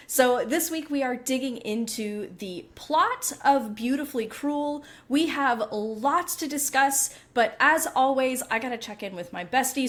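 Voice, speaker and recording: A woman opens and hosts a book podcast in a bright, high voice. Her pitch swings widely as she talks. She is upbeat and teasing in a casual chat. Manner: upbeat, teasing, quick to laugh. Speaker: podcast co-host, book coach.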